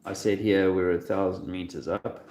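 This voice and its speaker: A man hosting a casual livestream, talking in a halting way full of restarts and fillers, soft-spoken and emotional at times. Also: deep voice, level tone. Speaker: video host. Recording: echoey room with faint noise.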